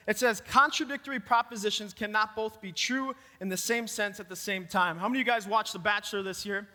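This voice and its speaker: A man with a Minnesota accent preaching a lively youth sermon and talking straight to the room. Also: sits high. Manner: energetic, talks to the room directly. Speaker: youth pastor. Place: church youth hall. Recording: long hall reverb.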